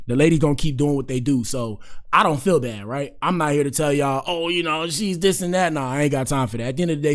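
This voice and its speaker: A man's voice: mid-range voice, darkish tone. A man hosting a commentary show, reacting casually and talking straight to his viewers with slang and repeated catchphrases.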